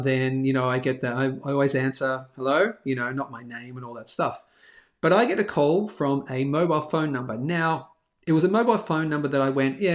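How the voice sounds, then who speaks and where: A man hosting a live stream, casually telling a rambling, self-deprecating story. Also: medium pitch. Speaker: host of a daily live bullion show. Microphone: live stream over a phone hotspot.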